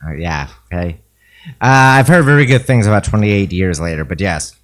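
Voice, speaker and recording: A young man co-hosting a podcast in casual chat, dropping dry, deadpan one-liners. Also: low voice, normal speed. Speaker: podcast co-host.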